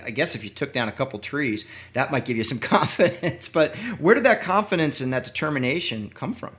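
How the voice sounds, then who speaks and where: A man's voice: mid-range voice, animated, fairly quick, fairly bright tone. A man from Washington, D.C., hosting a casual interview, chatty and enthusiastic in his reactions. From Washington, D.C., USA. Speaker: podcast host.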